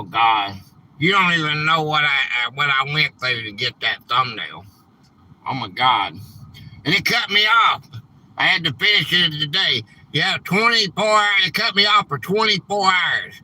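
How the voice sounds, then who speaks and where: A man hosting a casual live stream, rambling and quick to get frustrated, saying "man" a lot. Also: a little high, sharp tone, poor audio. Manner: rambling, easily frustrated, says "man" often.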